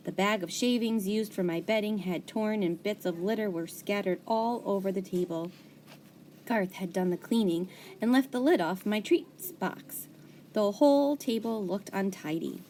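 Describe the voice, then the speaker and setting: Lively woman reading a children's book aloud, mid-pitched and expressive. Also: slight background noise. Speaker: audiobook reader.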